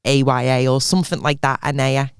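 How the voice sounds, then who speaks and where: A woman's voice: extremely low pitch, gravelly, clear, resonant tone, dry recording. Teasing woman, dry mic. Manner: quick teasing wit, deadpan one-liners. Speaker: podcast co-host. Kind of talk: casual chat.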